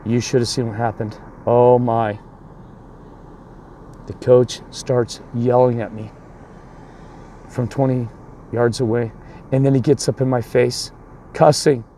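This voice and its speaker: A man's voice: mid-range voice, flat delivery, slow, pauses often, dark tone, slight background noise. A man coaching youth baseball tells a long story in a rambling way, restarting often and acting out the other people, then turns it into a sermon. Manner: repeats and restarts a lot, voices the other people in his story.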